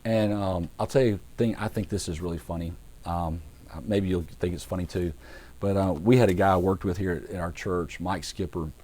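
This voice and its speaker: A man, a pastor, teaching a Bible passage in a relaxed, conversational way, acting out the figures as he goes. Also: low voice, moderate pace. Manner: conversational storytelling with acted-out voices; relaxed, with fillers and restarts.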